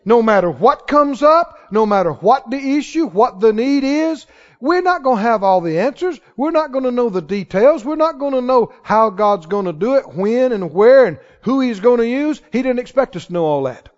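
A man preaching a sermon in a church, acting out the quoted voices of others and rising to shouts of conviction. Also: very high voice, moderate pace. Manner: animated, acts out quoted voices, rises to shouts. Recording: reverberant hall, dull lo-fi sound.

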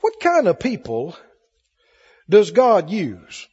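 Man, pastor preaching, high husky voice, long reverb, muffled lo-fi sound. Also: huge pitch swings, takes it slowly, warm tone. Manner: emphatic preaching, calls for congregation responses. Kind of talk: sermon. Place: church hall with congregation. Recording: lo-fi recording in a reverberant hall.

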